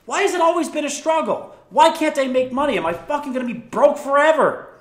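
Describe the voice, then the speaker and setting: A man voicing an angry, broke old man who yells his complaints at God. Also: extremely high pitch, lively intonation, fairly quick, pitched above the performer's own voice. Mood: furious. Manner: shouting, exasperated complaints. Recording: echoey room.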